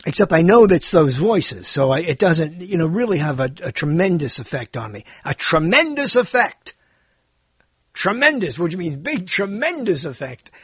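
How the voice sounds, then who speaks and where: An older man with a high, husky voice, talking off the cuff as the host of his own show. He wanders from one thought to the next, joking and puzzling over word meanings. The recording is close and dry, with no room sound. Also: sing-song, normal speed, few pauses, no echo. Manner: digressive, joking, muses aloud about word meanings. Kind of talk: rambling casual monologue.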